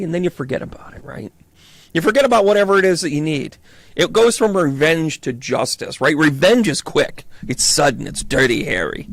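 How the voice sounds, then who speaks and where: Brief: male medium, Southern US accent, higher-pitched and gravelly, joking through a live card reading, dry close sound. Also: expressive, normal speed, no room sound. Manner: chatty, playful, joking asides. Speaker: psychic medium reading tarot for viewers.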